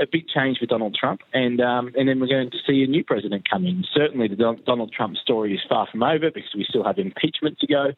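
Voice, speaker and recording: A man's voice: mid-range voice, breathy edge. A male foreign correspondent speaking by phone, hesitant and full of fillers as he reports. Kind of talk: phone interview. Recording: tinny phone line.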